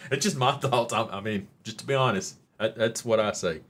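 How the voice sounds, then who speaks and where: Rambling Oklahoma-accented man, low voice. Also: measured pace, long pauses, a bit bright, a little hiss or hum. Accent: Oklahoma Southern. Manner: rambling and folksy, jokes with chat, says y'all. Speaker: live stream host. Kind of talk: casual live stream chat.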